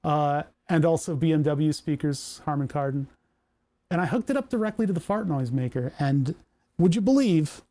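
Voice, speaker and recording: This man is streaming a workshop project from indoors, hiccuping while he potters about and rambles in a self-amused, casual way. A lapel mic records his slightly high, dark-toned voice with no echo.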